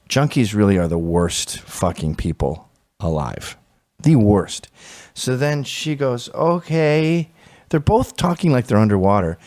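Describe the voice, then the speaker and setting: A man hosting a podcast, telling a comic story in a sardonic, exasperated, animated way. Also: fairly low pitch, no echo. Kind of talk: comedic storytelling, casual chat.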